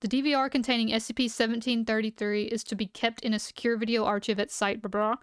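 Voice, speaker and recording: A woman's voice: a little high, level tone, quick pace, clear, resonant tone, dry recording, clean studio sound. A young woman streamer reading aloud and chatting casually, her voice a bit worn as she is losing it. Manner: chatty, reads aloud then reacts.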